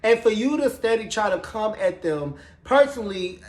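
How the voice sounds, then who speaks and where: High-voiced guy spilling the tea on a tv episode, sassy and cussing a lot, roomy echo in the room. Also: normal speed. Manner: sassy, profane, animated storytelling. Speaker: TV show recap reviewer. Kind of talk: casual gossipy TV recap.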